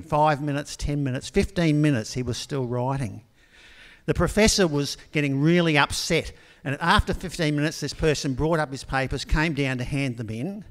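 An older man giving a sermon in a relaxed, conversational storytelling manner, with frequent ums. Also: a little high, normal speed. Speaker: preacher. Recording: long hall reverb.

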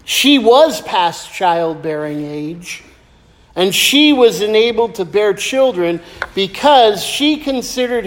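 Man, pastor, sermon, high voice, joking storyteller, long echoing hall. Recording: echoey hall with long reverb.

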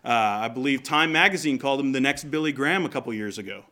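A man's voice: mid-range voice, quick pace, pushed and bright. A man preaching a conversational sermon from Canada, often asking the congregation questions.

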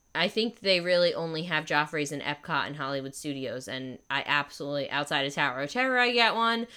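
A woman's voice: sits low, bright, forceful tone, clear, resonant tone. A young adult woman hosting a casual chat, talking with enthusiasm and lots of filler "like"s. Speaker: podcast host.

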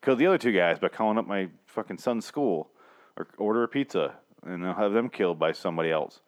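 A man with a lowish voice chatting loosely about movies on a podcast. He rambles, swears a lot and breaks into laughs as he goes. His talk is offhand and unpolished. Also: lively intonation, fast. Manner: profane, rambling, laughs often. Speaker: podcast co-host. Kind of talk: casual movie-review chat.

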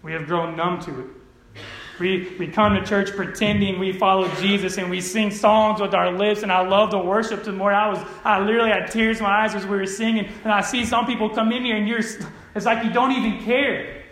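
A male pastor preaching emphatically, often checking in with his listeners and swinging between loud urgency and soft earnestness. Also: sits high, fairly even intonation, fairly quick, slight background noise. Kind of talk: sermon. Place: church sanctuary. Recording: echoey church room.

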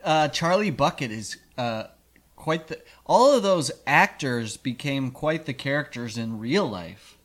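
A man co-hosting a podcast, telling animated comic stories in casual chat and swearing for laughs. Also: medium pitch, a little slow.

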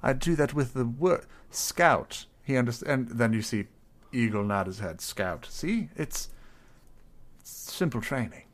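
A man's voice: mid-range voice, lively intonation, measured pace. A man playing his character in a tabletop game, hesitant and fussily polite, stammering often. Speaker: player.

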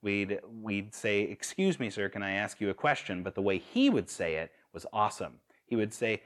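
A young man preaching a sermon in a relaxed, conversational way, with fillers and restarts. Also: fairly low pitch, normal speed, few pauses. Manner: conversational with fillers and restarts, laughs at own stories.

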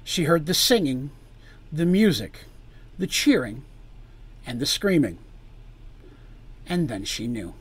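A man reading a fantasy story aloud with drama, his voice sinking low and quiet on grim lines and lifting louder on tense ones. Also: very animated, takes it slowly, long pauses, breathy edge.

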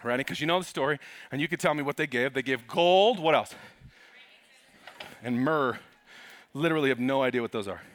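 A man pastor preaching a sermon in an animated, humorous way, calling out to the congregation. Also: medium pitch, fairly quick, pauses often.

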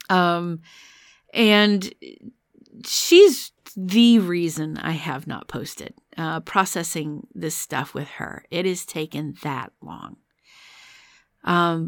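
A woman's voice: on the low side, dry recording, studio quality. A woman therapist speaking casually about her own parts work, chatty and self-deprecating, often laughing as she talks. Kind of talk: casual personal podcast monologue.

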